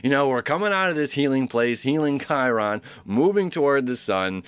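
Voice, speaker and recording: A man's voice: mid-range voice, expressive, moderate pace, a bit bright, smooth, no room sound. A man hosting a daily astrology talk, rambling and enthusiastic with lots of fillers and restarts. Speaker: astrology channel host. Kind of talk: casual daily horoscope talk.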